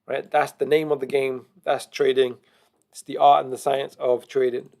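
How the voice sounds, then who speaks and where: A man teaching trading chart analysis, explaining slowly and methodically to viewers. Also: medium pitch, flat delivery, vocal fry, darkish tone. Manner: deliberately slow, methodical explaining. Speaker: trading educator. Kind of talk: screen-share chart analysis.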